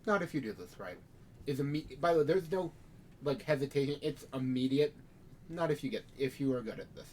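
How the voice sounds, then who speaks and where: A man's voice: mid-range voice, animated, brisk, a little hiss or hum. A man narrating as game master for a tabletop role-play game, casual and wry, with rambling asides.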